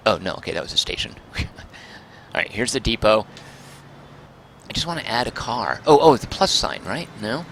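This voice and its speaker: A man's voice: lowish voice, big pitch swings, moderate pace, gravelly, pauses often, a bit bright, a little hiss or hum. A man streaming a game, chatting and muttering to himself, mildly exasperated with the controls. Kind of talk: casual game livestream commentary.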